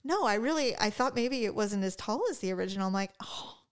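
A woman's voice: mid-range voice, expressive, fast. A middle-aged woman co-hosting a podcast, telling a story in casual chat and acting out both sides of a conversation. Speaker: podcast co-host.

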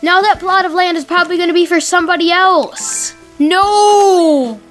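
A woman hosting a let's play, giving excitable casual commentary and talking to the game's characters. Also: extremely high pitch, a little fast. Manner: excitable, talks to game characters. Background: faint game music.

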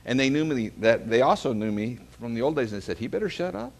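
A pastor with a medium-pitched voice talks fast as he preaches a sermon. He tells stories and calls on the congregation to say amen.

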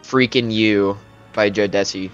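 A man's voice: lowish voice, fairly even intonation, unhurried, muffled recording, soft background music. A young man co-hosting a casual video game playthrough, joking, laughing often and coughing now and then. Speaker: co-host playing a video game. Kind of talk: casual gaming chat.

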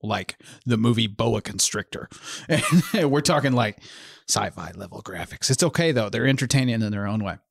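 A man's voice: on the low side, lively intonation, normal speed, vocal fry, no room sound, studio quality. A man co-hosting a podcast, chatting casually about a horror film over beers and laughing often. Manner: chatty, laughs often, drinking beer while talking. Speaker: podcast co-host.

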